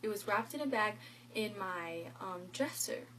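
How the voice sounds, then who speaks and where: Here a teenage girl tells her own story for her vlog at an unhurried pace, her voice medium in pitch. She animatedly replays conversations, quoting lines and saying "like" a lot. There's a little hiss or hum on the low-quality recording.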